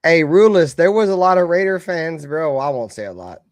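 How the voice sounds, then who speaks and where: A man co-hosting a heated fan sports stream, cursing and swinging between loud outbursts and low mutters. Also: expressive, moderate pace, no echo, studio quality. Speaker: co-host of a fan sports show.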